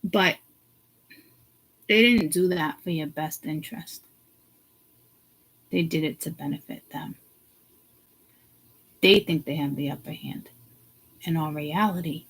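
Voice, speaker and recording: A woman vlogger ranting to her viewers, blunt and profane, swinging from hushed asides to loud outbursts. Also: deep voice, slightly rough, poor audio. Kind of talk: ranting to camera.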